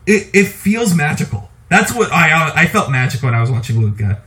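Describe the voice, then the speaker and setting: A man co-hosting a podcast, talking casually about movies in an animated, opinionated way and laughing often. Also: on the high side, moderate pace, few pauses. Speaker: podcast co-host.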